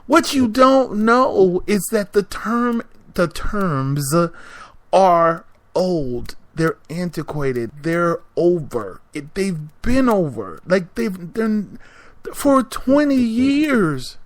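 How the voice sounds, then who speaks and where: A man delivers a podcast rant, sassy and exasperated, dropping into mocking impressions of the people he complains about. He talks at an unhurried, drawn-out pace in a slightly high voice. The recording is dry and close, with no room sound. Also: very animated, dry recording. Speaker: podcast host. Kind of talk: ranting monologue.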